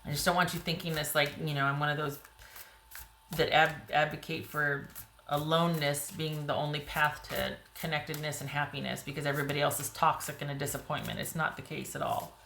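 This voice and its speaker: A woman giving a casual, rambling tarot reading to viewers, her voice getting a little hoarse. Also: low-pitched, little pitch movement, a little fast, fairly bright tone, reverberant, a little hiss or hum. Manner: chatty, rambling, frequent "you know" and "like". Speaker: tarot reader.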